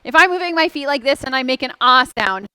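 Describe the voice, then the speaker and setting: Bright, high-voiced upbeat woman fitness coach. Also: animated, quick pace, clean tone, no room sound. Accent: Canadian. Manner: upbeat, encouraging coaching cues. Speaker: exercise instructor. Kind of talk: exercise class instruction.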